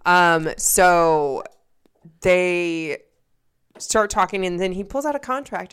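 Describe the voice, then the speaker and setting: A young woman co-hosting a podcast, chatting casually in an animated, joking way and swearing freely. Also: on the low side, slow, smooth. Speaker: podcast co-host. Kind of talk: casual chat.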